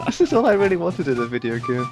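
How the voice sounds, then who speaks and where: A man's voice: fairly high pitch, big pitch swings, quick pace, loud music behind the voice. A man joking dryly with a friend while they play an online game together. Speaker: gaming friend. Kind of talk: casual gameplay banter.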